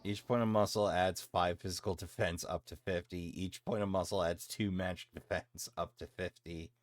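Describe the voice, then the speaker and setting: A man giving casual let's play commentary, quietly muttering asides as he reads game menus. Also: sits low, fairly even intonation, normal speed.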